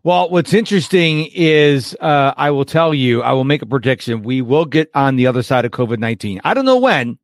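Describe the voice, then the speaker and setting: A man's voice: mid-range voice, animated, fairly quick, hardly any pauses, no room sound, studio quality. A man hosting a podcast, talking emphatically in a casual interview. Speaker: podcast host.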